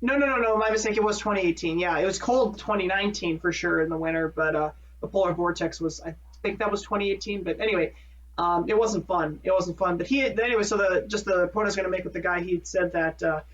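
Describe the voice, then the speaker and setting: A man's voice: high voice, quick pace, a bit bright, recorded from a distance. A man from Minnesota co-hosts a podcast in a loose, rambling chat, correcting himself as he goes and laughing at his own jokes. His voice sits back from the mic. The recording sounds muffled and dull. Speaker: podcast co-host. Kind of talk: casual chat.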